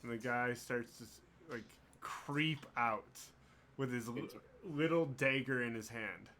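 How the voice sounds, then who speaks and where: Man, game master, bright tone, casual, halting with fillers, mid pitch. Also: a little hiss or hum. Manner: relaxed, laughing, full of fillers and restarts. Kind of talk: running a tabletop game.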